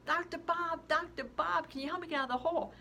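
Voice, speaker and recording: A woman's voice: medium pitch, expressive, unhurried, a bit bright, a little hiss or hum. A woman voicing a desperate woman stuck in a hole, calling out frantically for help. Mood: pleading.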